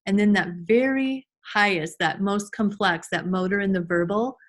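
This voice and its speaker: A woman's voice: mid-range voice, moderate pace. A woman giving an informal online class to teachers over a video call, chatty with frequent restarts and fillers. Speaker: early childhood trainer.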